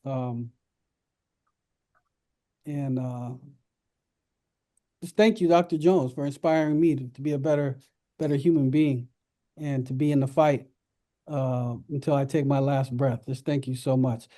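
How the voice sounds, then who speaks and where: A man hosting a radio talk show, speaking earnestly and reverently, with lively laughing stretches. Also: mid-range voice, unhurried, long pauses. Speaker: radio host. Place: radio studio.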